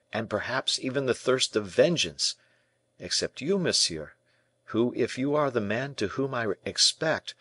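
A man's voice: mid-range voice, a bit bright, dry recording, pitched above the performer's own voice. Young captive, raised pleading voice, despairing, read by a man for an audiobook. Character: anguished young male royal prisoner.

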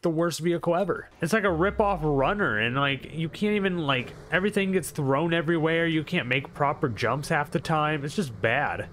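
A man's voice: a little high, fairly bright tone. A young man giving rambling, sarcastic commentary while playing a video game, often talking back to the characters on screen. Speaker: gaming channel host. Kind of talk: casual gameplay commentary.

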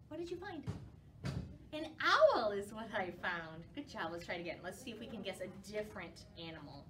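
A woman children's librarian leading a storytime, talking to young kids in an animated, playful way. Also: mid-range voice, moderate pace, slight background noise. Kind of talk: children's storytime reading and rhymes. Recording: voice from a distance from the mic, faint ukulele. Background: faint ukulele.

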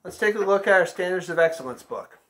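A man's voice: high voice, lively intonation, quick pace. A man teaching an online band lesson, patiently counting beats aloud and calling out note names.

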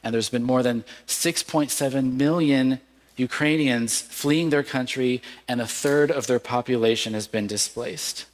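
A male pastor preaches in an earnest, measured way at a middle pitch, rising into cries of lament. His voice rings out with a long reverb, as if filling a church sanctuary. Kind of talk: sermon.

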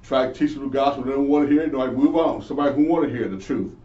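A man's voice: medium pitch, racing, mellow. Earnest man teaching the Bible, echoey. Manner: earnest, preachy, asks and answers himself. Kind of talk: informal Bible lesson. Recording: echoey, distant, dull lo-fi.

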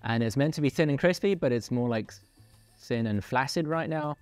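A man's voice: medium pitch, animated, normal speed, clear, resonant tone, dry recording, soft background music. A man casually presenting and reviewing food on camera, chatty and jokey with playful asides.

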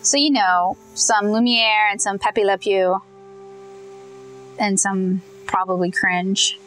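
A young woman from Louisiana, chatting casually as she paints, thinking out loud and correcting herself as she goes. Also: mid-range voice, fairly even intonation, slow, soft background music, rough recording. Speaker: comic artist testing paints.

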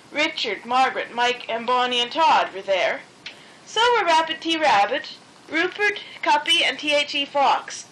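A woman reads a children's picture book aloud in a gentle, expressive way. Her voice sits high and sounds bright. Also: a little hiss or hum, poor audio. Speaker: storybook narrator.

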